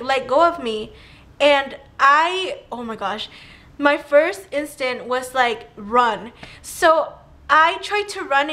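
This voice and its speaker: A young woman telling a personal story to camera in a chatty, animated way, with "like" all through her talk. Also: high-pitched. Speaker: vlogger. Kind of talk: casual storytime.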